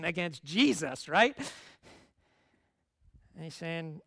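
A man's voice: a little high, expressive, a little slow, gravelly, pauses often, a bit bright, dry recording, clean studio sound. A middle-aged man preaching a sermon in a conversational, earnest way, pressing hard on key words. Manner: conversational, earnest, rising to emphatic stresses. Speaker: pastor.

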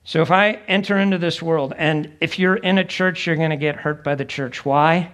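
A man's voice: on the high side, steady tone, normal speed, fairly bright tone. A middle-aged male pastor preaching a sermon in a conversational way, acting out the voices of people he quotes.

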